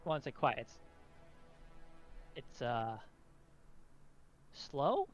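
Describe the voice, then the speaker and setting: A man narrating a tabletop roleplaying game as game master, halting and restarting often. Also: mid-range voice, wildly swooping pitch, dull audio. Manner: halting, with many restarts and fillers. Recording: background music under voice.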